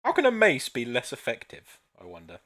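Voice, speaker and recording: A man plays a tabletop game, ribbing the others with sarcastic jokes and freely swearing. His voice is very bright and sharp, and his pitch is lively. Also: fairly quick. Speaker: player. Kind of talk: casual chat during a tabletop game.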